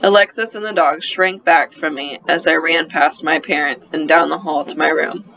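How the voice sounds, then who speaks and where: Man reading a kids story out loud, high bright voice, kinda muffled with a faint hiss. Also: steady tone, normal speed, creaky. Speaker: audiobook narrator. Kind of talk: first-person storybook narration.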